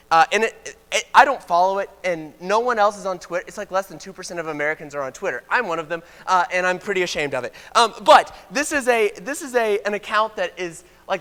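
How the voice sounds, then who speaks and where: A man's voice: high-pitched, sharp tone, in a large hall. A man giving a conversational sermon as a preacher, informal with joking asides. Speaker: preacher teaching a Bible class. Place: church auditorium.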